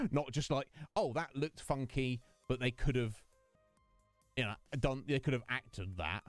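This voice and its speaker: A man's voice: medium pitch, expressive, unhurried, dry recording, soft background music. A man chatting casually with his stream viewers, rambling between topics and greeting them by name. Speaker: game streamer.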